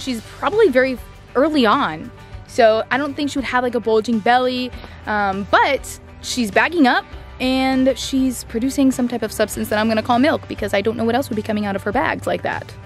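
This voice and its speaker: A young woman vlogging on her farm, chatting excitedly to the camera and her animals with lots of "like" and "I don't know". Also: a little high. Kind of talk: casual vlog chat to camera. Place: outdoors on a farm pasture.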